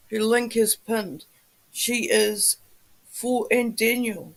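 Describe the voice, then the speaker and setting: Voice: mid-range voice, fairly even intonation, takes it slowly. A livestream host in a just-woken-up morning voice, chatting casually with viewers and greeting them by name.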